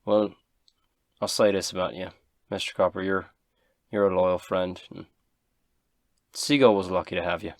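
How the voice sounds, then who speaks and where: Kindly companion with a low, even voice and gentle delivery, put on by a man, dry recording. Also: normal speed, pauses often, no room sound.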